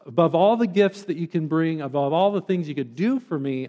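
A man's voice: a little high, a little fast, mellow, highs cut off. Earnest male pastor preaching in a hall. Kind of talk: sermon.

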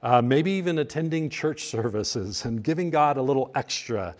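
Pastor preaching, thoughtful, goes soft and quiet then lifts again. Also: male voice, medium pitch, lively intonation, moderate pace. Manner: reflective, rises and drops to near hushed lines. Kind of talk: sermon.

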